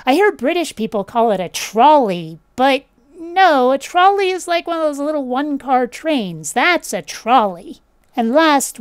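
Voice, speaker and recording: A fairly high, smooth voice belongs to a woman talking straight to camera in a casual vlog. She is blunt and opinionated, dropping swear words without a second thought. The sound is dry and close. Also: no echo. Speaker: channel host.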